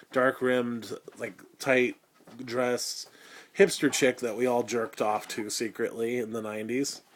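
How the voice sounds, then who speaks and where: A man in his thirties hosting a casual horror movie review, crude and sarcastic, rambling with lots of fillers. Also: mid-range voice. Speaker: host.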